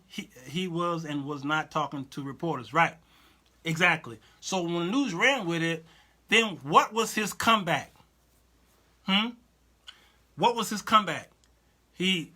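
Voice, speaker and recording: Animated man hosting a Christian talk show. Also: a little high, measured pace. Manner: animated, repetitive, asks listeners "you understand what I'm saying?"; reads and answers viewer comments aloud.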